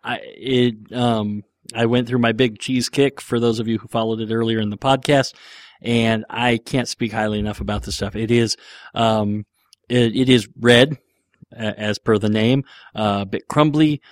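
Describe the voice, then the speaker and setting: A man's voice: mid-range voice, steady tone, normal speed, no echo, clean studio sound. A man hosting a podcast, casually answering listener questions in a rambling, joking way with lots of fillers. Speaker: podcast host.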